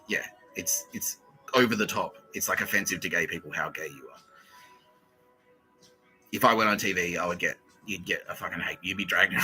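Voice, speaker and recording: A man hosting a podcast, telling a comic story in a loose, sweary, animated way and laughing between phrases. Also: deep voice, low-quality recording. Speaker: podcast host. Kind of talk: casual comedic storytelling.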